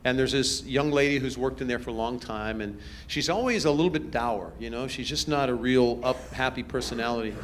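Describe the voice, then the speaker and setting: A man, a pastor, answering audience questions in a relaxed, storytelling way, chuckling as he goes. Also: mid-range voice, fairly quick, hardly any pauses. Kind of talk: casual Q&A talk to a youth group. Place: church event hall with a live audience.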